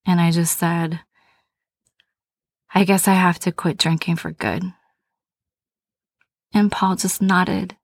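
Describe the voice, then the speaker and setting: A woman's voice: fairly low pitch, gravelly, dry recording, studio quality. A woman hosting a podcast, telling a personal story in a candid, conversational, self-deprecating way. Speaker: podcast host.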